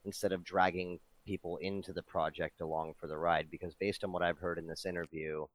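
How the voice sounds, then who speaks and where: Deep-voiced earnest man. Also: flat delivery, fairly quick. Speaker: podcast host and interviewer. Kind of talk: casual chat.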